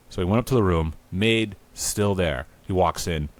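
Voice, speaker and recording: Rambling, profane low-voiced male storyteller. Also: normal speed. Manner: rambling, profane, laughing at his own jokes. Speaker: podcast host. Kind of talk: improvised comedic storytelling. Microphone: remote recording.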